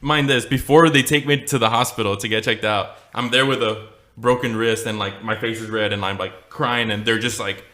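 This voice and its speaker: A man's voice: lowish voice, steady tone, normal speed, hardly any pauses, pushed and bright. A young man co-hosting a podcast, telling a childhood story in a rambling, swearing, laughing way. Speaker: podcast co-host. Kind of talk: casual storytelling chat.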